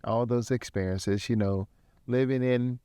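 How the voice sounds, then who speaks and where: A man co-hosting a podcast in casual chat, steady and affirming. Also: medium pitch, measured pace, clear, resonant tone, dry recording, studio quality. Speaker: podcast co-host.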